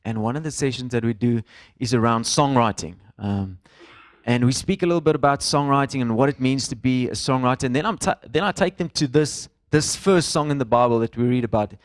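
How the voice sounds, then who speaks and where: Male pastor, 30s, mid-pitched, relaxed conversational sermon, dry close sound. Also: brisk, dry recording. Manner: conversational, with fillers and mixed-in Afrikaans phrases. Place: church in front of a congregation.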